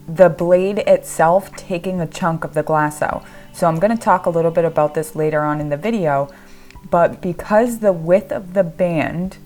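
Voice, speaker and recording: A woman demonstrating a stained glass tool in a casual tutorial vlog, explaining as she works and often gushing with excitement. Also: on the low side. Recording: echoey room with faint music.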